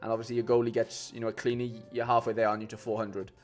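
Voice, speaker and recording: A man chats casually to his live-stream viewers in a middle-pitched voice, rambling with plenty of fillers and restarts. Faint music plays quietly behind him. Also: completely flat delivery, very fast. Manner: chatty, rambling, many fillers and restarts, says "mate" a lot. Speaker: streamer building fantasy football lineups.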